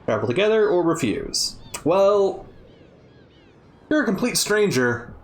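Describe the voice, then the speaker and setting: Woman streamer chatting over a game, wry and offhand, low voice that jumps around, faint game music. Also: big pitch swings, measured pace. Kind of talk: casual game commentary.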